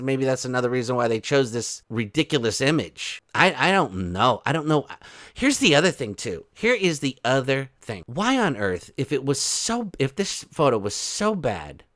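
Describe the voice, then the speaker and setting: A man's voice: medium pitch, a bit bright, no room sound, studio quality. A man hosting an online commentary video, talking in a casual, incredulous way and rambling with frequent restarts.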